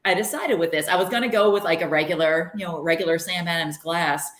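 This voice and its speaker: A woman head brewer joins a stream over a video call and talks in a relaxed, rambling way. Her voice sits low, and the room around her makes it sound echoey. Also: quick pace. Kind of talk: casual interview chat. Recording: roomy video call audio.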